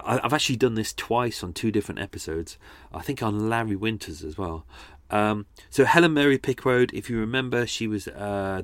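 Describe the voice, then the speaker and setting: A man hosting a podcast, casually and self-deprecatingly explaining how he edited audio, often halting mid-sentence. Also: lowish voice, no room sound. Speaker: podcast host. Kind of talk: casual behind-the-scenes talk about audio editing.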